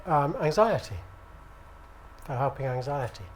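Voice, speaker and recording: A British man teaching at an acupuncture conference, speaking in a relaxed, conversational way and often checking with the audience. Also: medium pitch, unhurried, a little hiss or hum. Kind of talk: conference lecture. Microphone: handheld microphone.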